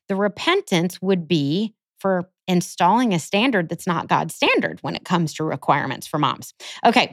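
A woman's voice: mid-range voice, fairly bright tone, no room sound. Earnest woman teaching the Bible, dry. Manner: earnest, teacherly, quotes scripture. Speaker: host of a Christian podcast. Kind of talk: scripted Bible teaching monologue.

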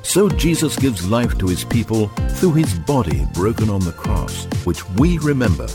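A man's voice: on the low side, sing-song, normal speed. Earnest male devotional narrator over music. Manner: earnest, teaching.

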